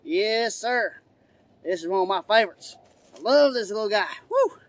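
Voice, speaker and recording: A loud, eager redneck man who hollers and drawls "y'all" as he shows off his gear, put on by a man. The voice sits high and sounds rowdy throughout. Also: animated, moderate pace. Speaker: host. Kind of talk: product review.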